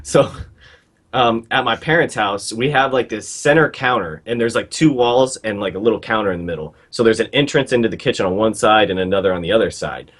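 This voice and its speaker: A man on a casual podcast, telling a childhood story quickly with stops and restarts. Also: on the low side, a bit bright. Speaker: podcast co-host. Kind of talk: casual chat.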